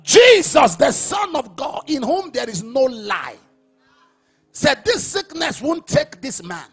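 This is a Nigerian man preaching with fire, his voice sitting very high and leaping around. He drops to near murmurs, then shouts his lines out. Soft music plays in the background. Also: big pitch swings, slow. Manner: impassioned, swings from low murmurs to shouting. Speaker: apostle preaching. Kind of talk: sermon.

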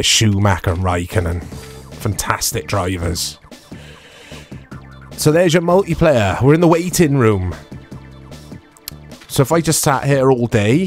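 A man giving casual, rambling commentary while playing an old racing game. He is self-deprecating and full of tag questions. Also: mid-range voice. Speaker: retro game reviewer. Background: background music.

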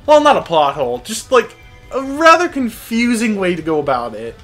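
Excitable, sarcastic gameplay commentator. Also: mid-range voice, slow, pauses often, soft background music. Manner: excitable, sarcastic, laughs often. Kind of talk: casual let's-play commentary.

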